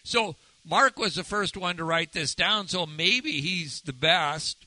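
A man leads a relaxed Bible lesson, moving between reading and casual commentary. His voice is very bright and sits slightly high for a man, and the sound is close and dry with no room echo. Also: slow. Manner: conversational, animated when retelling. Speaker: Bible study teacher. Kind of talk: informal sermon teaching.

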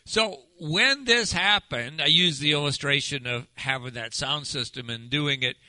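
A man's voice: a little high, a little slow, sharp tone, no echo, rough recording. A male pastor giving a sermon in a conversational way, often asking the congregation questions.

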